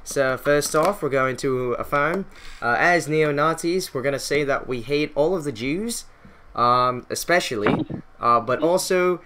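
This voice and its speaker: A man voicing a pompous male extremist rally speaker, drawn out and slow like a podium address. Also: a little high, fairly bright tone.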